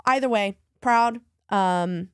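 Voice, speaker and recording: A woman's voice: medium pitch, slow, fairly bright tone, smooth, no echo. An emotional woman co-hosting a sports podcast talks in a casual, gushing way, close to tears at times. Her voice sits in a middle range. The sound is dry and close, with no room around it. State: crying at times. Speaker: podcast co-host.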